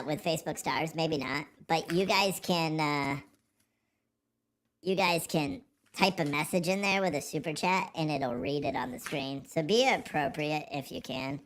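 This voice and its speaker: A man's voice: high voice, a bit bright, slight background noise. A man hosting a casual livestream, joking, rambling and swearing freely as he reads the chat. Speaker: livestream host.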